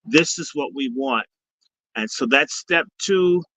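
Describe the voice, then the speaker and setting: A man's voice: medium pitch, takes it slowly, bright, forceful tone, no room sound. A man speaking as a guest on a live stream, mixing preachy blessings with profanity. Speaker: guest speaker and summit organizer. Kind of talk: casual live-stream talk. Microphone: video call. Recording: dull lo-fi stream audio.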